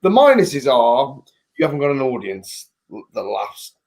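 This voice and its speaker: A man's voice: medium pitch, big pitch swings, measured pace, darkish tone. A man, a comedian, chatting on a video call in a tired, weary, wry way. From England. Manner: weary, wry, laid-back chat. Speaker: stand-up comedian.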